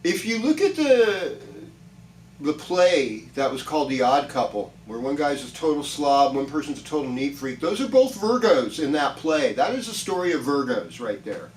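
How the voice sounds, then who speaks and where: A man's voice: medium pitch, lively intonation, moderate pace, hardly any pauses, roomy sound, far from the mic, slight background noise, rough recording. A man giving a chatty, reassuring weekly horoscope talk, rambling with many restarts. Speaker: astrologer.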